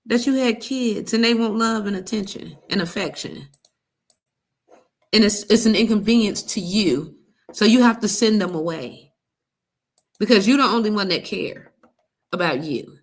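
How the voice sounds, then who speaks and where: A woman's voice: medium pitch, unhurried, pauses often. A woman hosting a livestream, mocking and sarcastically calling out a woman in a clip. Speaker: livestream host. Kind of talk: reaction commentary.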